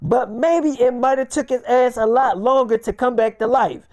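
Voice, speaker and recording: Brief: a blunt, doubting cop, voiced by a woman storyteller, in her own fairly high voice. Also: moderate pace, darkish tone, close to an everyday voice. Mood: doubtful.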